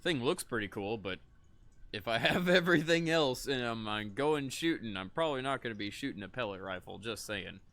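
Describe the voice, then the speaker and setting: Man, young adult, casual stream chatter, chuckly and unhurried, tense bright tone, occasional cough. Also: mid-range voice, lively intonation. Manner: rambling, laid-back, chuckles often. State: coughing between lines. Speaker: gaming streamer. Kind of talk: casual livestream commentary.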